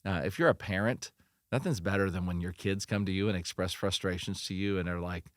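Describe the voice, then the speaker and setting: A middle-aged man with a low voice talks as a pastor in a podcast interview. He is earnest and animated, and he often restarts his sentences. The recording is dry and close. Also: a little fast, no room sound. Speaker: pastor and church leadership consultant.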